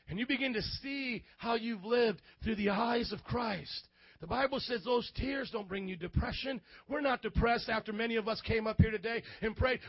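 A man with a very high voice preaches a sermon, calling on the congregation to answer back and building into shouts. The sound is dry and close, with a dull, muffled top end. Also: moderate pace, dry recording. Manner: preaching with call-and-response, swelling to shouts. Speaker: pastor. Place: church.

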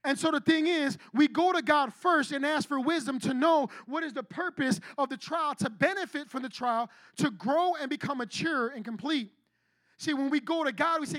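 A man with a strikingly high voice preaches in a casual, animated way. He talks to the room like a friend, piling on asides and repeating himself for emphasis. The sound is dry and close, with no room echo. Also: moderate pace. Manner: animated, conversational, repeats "I kid you not". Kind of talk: sermon with personal story.

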